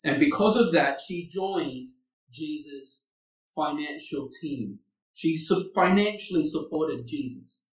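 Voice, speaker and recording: A man's voice: fairly high pitch, expressive, slow. A man preaching a sermon, earnest and asking his listeners rhetorical questions. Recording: echoey room, far from the mic.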